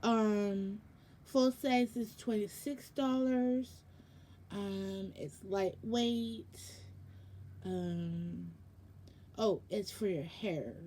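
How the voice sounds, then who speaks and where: Speaking very slowly in a warm, mid-range voice, the young vlogger sounds sleepy and yawns as she unboxes a product. She rambles casually, full of ums and correcting herself, with a little background noise behind her.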